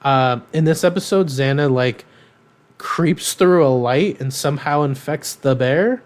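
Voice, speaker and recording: A man's voice: fairly high pitch, unhurried. A young man co-hosting a podcast, casually recapping a cartoon in a rambling, filler-heavy way. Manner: rambling, filler-heavy, animated retelling with quoted voices. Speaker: podcast co-host.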